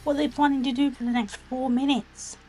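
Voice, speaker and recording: A woman's voice: high voice, flat delivery, brisk, over loud music. A woman casually reviewing online videos, retelling the plot in a rambling, giggly, exclamatory way.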